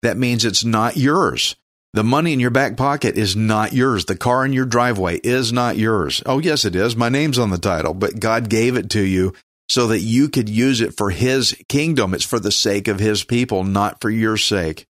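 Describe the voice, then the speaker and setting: A man's voice: fairly low pitch, normal speed, a bit bright, no room sound. Texan man, folksy radio Bible teacher, joking manner, dry close sound. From Texas. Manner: folksy, joking, stumbles over names. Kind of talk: casual radio sermon.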